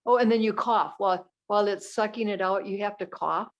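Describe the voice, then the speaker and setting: An older woman speaks over a video call at a mid pitch. She tells her story plainly and chattily, with a homely turn of phrase. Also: fairly even intonation, fairly quick, muffled recording. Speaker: support group member. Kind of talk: casual group video call.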